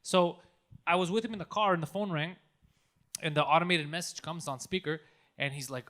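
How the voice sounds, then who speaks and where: A man with a high, bright voice hosts a casual comedy podcast. He tells a funny story, acts out the people in it and laughs along the way. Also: brisk, pauses often. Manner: storytelling, acts out phone calls with laughing asides. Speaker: podcast host.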